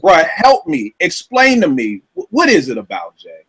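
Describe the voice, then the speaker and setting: A man with a high voice rants to his co-host with loud disbelief. His storytelling is loose, profane and animated, full of asides and punchlines. It sounds like a casual talk show. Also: moderate pace, husky. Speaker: podcast host. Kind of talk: casual comedic rant.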